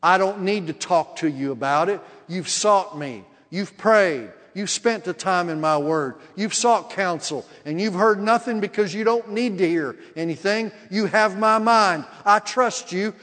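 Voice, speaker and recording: A man voicing God as a calm, fatherly male presence, speaking slowly and reassuringly in a hushed, lowered voice. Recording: long hall reverb.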